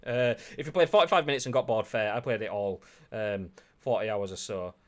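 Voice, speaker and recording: Low-voiced Yorkshire man, rambling chat. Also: brisk, heavy background noise. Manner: rambling, self-deprecating, lots of filler. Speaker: co-host of a gaming news show. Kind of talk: casual chat, reading viewer comments.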